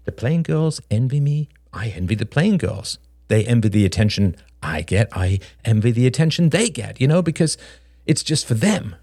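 Brief: male reader playing a sharp, candid young woman, quick and wry, lively lilt. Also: mid-range voice, no room sound, studio quality. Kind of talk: audiobook character voice.

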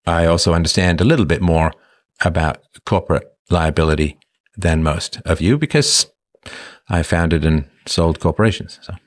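A man with a deep voice hosts a livestream at normal speed, reading the chat and talking casually. His humor is wry and self-mocking.

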